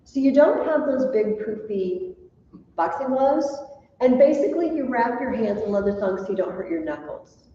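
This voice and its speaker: A woman lectures a class with a slightly high, very lively voice, telling stories with animation. She is picked up by a faraway mic in a roomy, echoing classroom with a long reverb tail. The sound is dull and lo-fi, with a faint room hum underneath. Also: normal speed. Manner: animated storytelling, laughs at her own tales. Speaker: teacher. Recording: echoey classroom from a distant mic.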